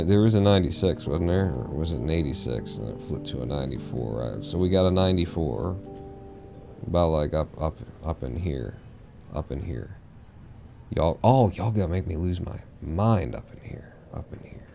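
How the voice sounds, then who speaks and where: Man, gravelly, very low, casual streamer, profane rambling, faint background music. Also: a little mellow. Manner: rambling, profane, mumbling to himself. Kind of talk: casual live-stream gameplay chatter.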